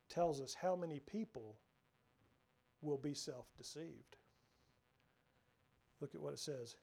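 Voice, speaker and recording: A man preaching a sermon, earnest, swinging from raised emphasis down to hushed, near-whispered lines. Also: a little high.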